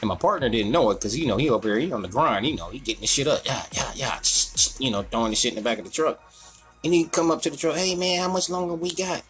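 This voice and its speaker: A man telling a long, profane work story in casual chat. He acts out the other people in a higher voice. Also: animated, quick pace, a bit bright, soft background music.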